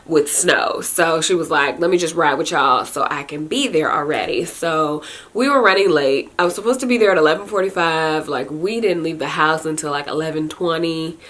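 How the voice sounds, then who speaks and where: A young woman vlogger casually retelling a personal story in a chatty, animated way. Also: low voice, normal speed.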